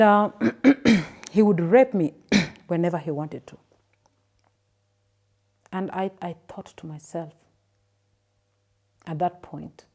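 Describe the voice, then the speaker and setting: A Kenyan woman in her thirties recounts her own experiences in an interview, speaking softly with frequent fillers and repeated words. Her voice sits a little low and sounds warm and mellow rather than bright. The pace is unhurried and personal. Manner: soft, halting storytelling with repeated words and fillers. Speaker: guest telling her story.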